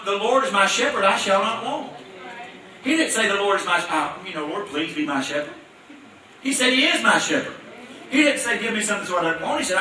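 A man's voice: sits high, sharp tone, a little hiss or hum. A man preaching a sermon in a church. He talks emphatically, asks rhetorical questions and leads call-and-response. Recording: echoey room, mic at a distance.

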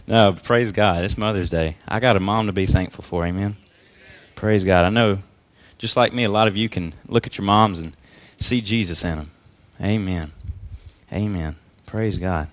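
A man in his twenties preaching a sermon in church, peppering his lines with amens and swinging from quiet asides to loud, rising exhortation. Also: lowish voice, normal speed, long pauses, some chatter behind. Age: 20s. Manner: punctuates lines with frequent amens and praise God. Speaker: young preacher. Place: church service.

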